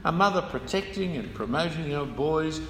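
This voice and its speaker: A man's voice: on the high side, animated, moderate pace, fairly bright tone, slight background noise. A man preaching a sermon, explaining scripture with emphatic stresses and asides. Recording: echoey hall with room ambience.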